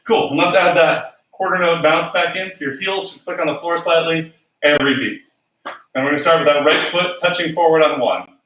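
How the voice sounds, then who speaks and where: A man's voice: on the high side, a little fast, a bit bright, far from the mic. A man teaching a solo swing dance class, talking through steps and counting beats aloud in rhythm. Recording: echoey room, voice from off-mic.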